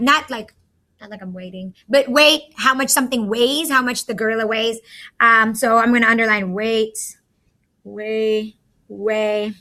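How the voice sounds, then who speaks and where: A woman's voice: a little high, pushed and bright. A woman teacher in a recorded math lesson, chatty and talking through each step aloud to her students.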